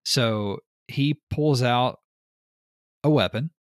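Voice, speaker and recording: Laughing, animated male podcast host. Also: medium pitch, slow pace, no room sound, studio quality. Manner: animated storyteller, laughs often, swears casually. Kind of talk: casual chat.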